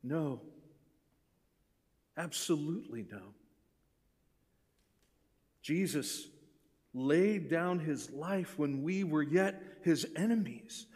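A male pastor preaching in a church sanctuary, his fairly high voice trailing a long reverb around the room. He drops to near-whispers, then builds to ringing, emphatic appeals. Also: extremely slow, pauses often. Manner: preaching with wide swings from hushed to forceful. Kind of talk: sermon.

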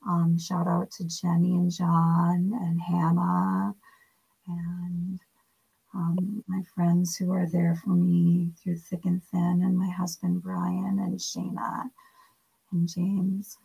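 A woman, a podcast guest speaking candidly and haltingly with many fillers. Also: on the low side, completely flat delivery, gravelly, mellow, husky, highs cut off. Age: 50s. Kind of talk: candid interview talk.

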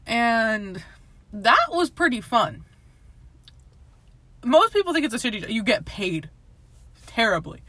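A woman's voice: fairly high pitch, big pitch swings, unhurried, pauses often, bright, forceful tone, dry recording. A young woman casually telling a personal story, rambling with lots of filler words, laughing often and swearing. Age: young adult. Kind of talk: casual chat.

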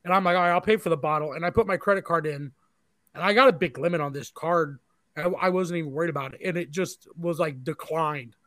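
A man with a slightly higher voice rambles through an anecdote, swearing freely and padding it with "like" and "uh." The sound is dry and close, with no room around it. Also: fast talker, fairly bright tone, no echo. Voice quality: profane, rambling storyteller. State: married. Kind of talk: casual storytelling chat.

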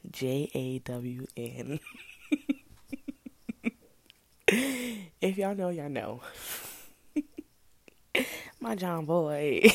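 A woman telling a casual story in slangy, animated talk, with sudden loud outbursts. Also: sits low, slight background noise.

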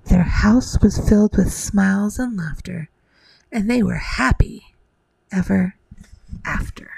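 A woman's voice: mid-range voice, slow, vocal fry, a little mellow, breathy edge, no room sound, poor audio. A woman telling a rhymed bedtime story to the listener in a whispered role-play.

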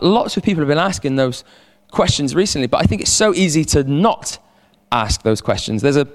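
A man preaching a sermon as a pastor, animated, repeating words and calling on the congregation to respond. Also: fairly high pitch, brisk. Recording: long hall reverb.

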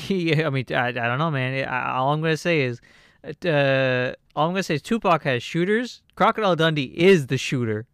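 A man's voice: a little high, moderate pace, fairly bright tone, clean tone, dry recording, clean studio sound. Young male podcast co-host, resonant clean voice, rambling, casual swearing. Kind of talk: casual chat.

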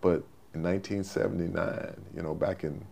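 Gravelly low-voiced man in his sixties. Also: fairly even intonation, normal speed, warm tone. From Texas, USA. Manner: folksy, repetitive storyteller. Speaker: guest, former football player. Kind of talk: storytelling interview.

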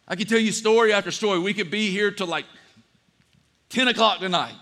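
A pastor preaching a sermon, a man who tells animated stories and acts out the voices of people he quotes. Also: high-pitched, fairly quick. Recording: church hall reverb.

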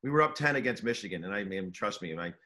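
A man's voice: on the low side, expressive, fast, noisy background. A middle-aged man, a basketball coach, talking casually in an interview with earnest restarts and repeated words.

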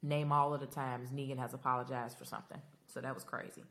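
At a quick pace and with a bass voice, a woman hosting a podcast recaps a TV finale in a Black style. She talks casually and emotionally to her listeners, rambling expressively and addressing them directly.

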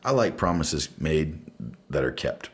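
A man's voice: extremely low pitch, very animated, measured pace. A man co-hosting a podcast, blunt and sarcastic, swearing freely about politics. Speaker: podcast co-host. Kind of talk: casual profane political chat.

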